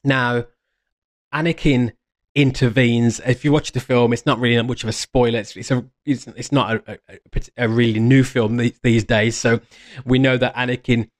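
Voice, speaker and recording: A man's voice: mid-range voice, steady tone, normal speed. Rambling enthusiastic man explaining fan lore. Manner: meandering, restarts mid-phrase, enthused. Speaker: fan commentator. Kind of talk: casual fan explainer monologue.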